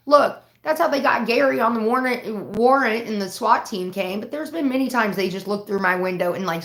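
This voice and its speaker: A woman's voice: on the high side, fairly bright tone, roomy sound. A woman chatting casually on a livestream from home, rambling and swearing freely. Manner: profane, rambling storytelling. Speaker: live streamer.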